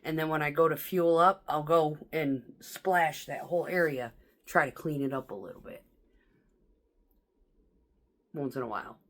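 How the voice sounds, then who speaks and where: A woman vlogger telling blunt, profane stories about coworkers in a casual, animated way, mimicking the people she talks about. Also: sits low.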